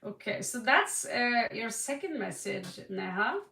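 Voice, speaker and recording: Woman from Norway, live tarot reading, chatty, laughs often, unhurried, heard from a distance. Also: fairly high pitch, lively intonation, gravelly, bright, forceful tone. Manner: chatty, laughs often, addresses viewers by name. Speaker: tarot reader. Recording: roomy echo, distant mic.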